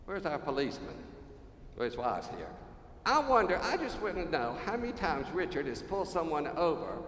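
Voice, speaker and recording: A pastor preaches in a church sanctuary with roomy, long-reverb echo, his highish voice bright and swinging widely in pitch at normal speed, with slight background noise. His sermon is conversational and humorous, and he puts questions to the congregation.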